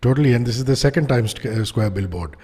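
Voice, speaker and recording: A man hosting a radio interview, chatting casually with quick, enthusiastic reactions. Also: medium pitch, animated, dark tone, slightly rough, in a large hall. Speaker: radio show host.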